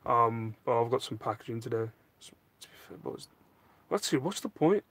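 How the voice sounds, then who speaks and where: Reading viewer comments aloud in a casual chat from his loft at home, this stream host pokes fun at himself as he answers. His medium-pitched voice is expressive, a bit bright and husky, and he speaks a little quickly.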